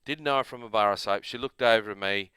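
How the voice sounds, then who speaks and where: A man's voice: fairly low pitch, fast talker, bright, forceful tone, smooth, no echo. A man with an Australian accent, host of a gaming channel, telling a long rambling story in a casual, self-amused way.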